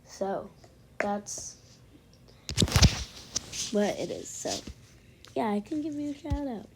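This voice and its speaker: A woman chatting casually over gameplay on her own microphone, rambling and dropping into soft asides, with a high, pitchy voice. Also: animated, slow pace. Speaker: gaming channel host. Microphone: own desk microphone. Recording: noisy home recording with hiss and clicks.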